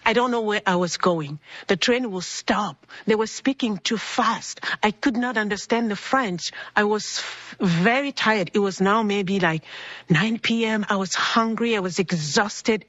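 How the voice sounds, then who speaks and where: Brief: woman, animated storyteller, husky and dry voice, slightly dull recording. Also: medium pitch, unhurried, no room sound. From Congo. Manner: animated, acts out dialogue in voices. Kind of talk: personal storytelling. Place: cold indoor building.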